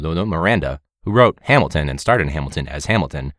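Low-voiced man rambling and joking. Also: lively intonation, fast, fairly bright tone, no room sound, studio quality. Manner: rambling, joking, swears often. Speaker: teacher and podcast host. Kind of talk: casual comedic monologue.

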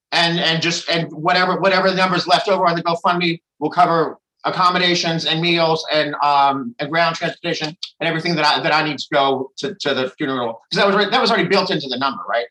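Bright-voiced man, candid and profane. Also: a little high, fairly even intonation, quick pace, few pauses, poor audio. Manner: rambling with restarts, frequent swearing. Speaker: member sharing at a recovery meeting. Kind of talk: candid personal share.

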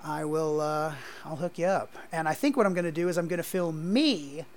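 A male podcast co-host talks into a headset in a small home studio. His voice sits a little high for a man. He rambles and hesitates, filling gaps with ums and uhs. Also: moderate pace, a little hiss or hum. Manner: rambling, hesitant with many fillers. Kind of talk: casual podcast chat.

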